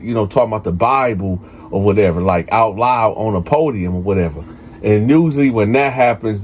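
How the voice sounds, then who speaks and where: A man's voice: on the low side, darkish tone, slight background noise. A man hosting a prison story channel, telling a story casually and talking straight to his viewers with lots of fillers. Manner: conversational, addresses viewers as y'all, many fillers. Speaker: storyteller host.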